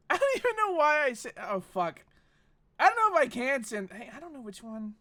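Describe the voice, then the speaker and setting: A man's voice: extremely high pitch, sing-song, normal speed, pushed and bright. A man streaming a game, chatting casually in a rambling, profane way. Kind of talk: casual chat while gaming.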